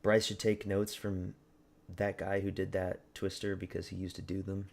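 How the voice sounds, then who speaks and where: A young man from Canada streaming live, rambling loosely and swearing freely as he mocks fighters and talks back to his chat. His voice sits a little low and easy. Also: little pitch movement, moderate pace, gravelly.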